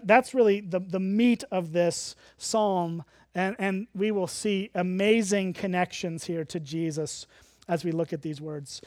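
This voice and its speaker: An unhurried pastor delivers an earnest sermon, pressing each point with emphasis and unpacking the meaning of key words. The voice sits at a middle pitch and is recorded close and dry, with almost no room sound. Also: darkish tone, no room sound. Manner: earnest, emphatic teaching, explaining word meanings.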